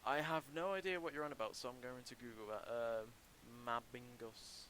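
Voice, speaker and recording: A young man casually commenting on a livestream while building a game level, talking in a halting, chatty way with many ums and restarts into a desk mic. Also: medium pitch, animated, fairly bright tone, a little hiss or hum, rough recording.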